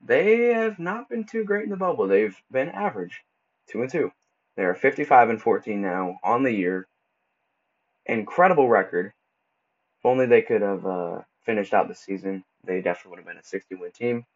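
Casual low-voiced man, lo-fi podcast. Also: animated, moderate pace. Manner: casual, stumbles and restarts often; laid-back slang like bro and dude. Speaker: podcast host. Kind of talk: casual solo sports podcast. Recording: dull lo-fi recording.

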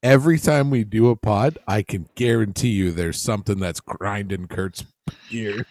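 A man's voice: fairly low pitch, moderate pace, darkish tone, dry recording. A man co-hosting and editing a casual podcast, easygoing and agreeable. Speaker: podcast co-host and editor. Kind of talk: casual chat.

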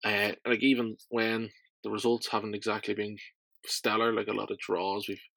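A man's voice: on the low side, little pitch movement, moderate pace, vocal fry, fairly bright tone, dry recording. Stuffy-nosed man hosting a podcast. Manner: rambling, with many fillers and restarts. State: stuffy, nasal from a cold. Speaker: podcast host. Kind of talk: casual solo podcast chat.

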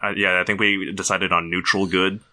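Very deep-voiced bright male podcast host. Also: level tone, brisk. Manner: rambling recaps with fillers. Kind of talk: casual chat.

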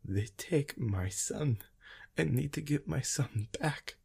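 A man voicing a desperate young mother who pleads in halting broken English. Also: a little high, lively intonation, vocal fry, a little mellow, breathy edge, pitched above the performer's own voice, heavily acted. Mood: pleading, distraught.

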